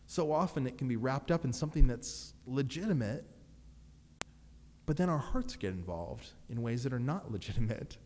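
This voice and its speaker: A man's voice: mid-range voice, mellow, big-room sound, a little hiss or hum. A man preaching a sermon in a conversational way, often laughing and acting out quotes. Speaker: pastor.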